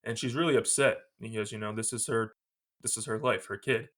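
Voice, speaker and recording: A man hosting a podcast, retelling a movie scene by scene in a casual, animated way and laughing often. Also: fairly low pitch, brisk. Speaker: podcast host.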